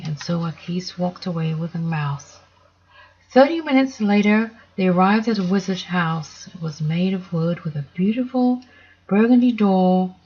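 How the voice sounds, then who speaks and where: A woman reading a children's story aloud in a gentle, measured way. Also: lowish voice, breathy edge, highs cut off.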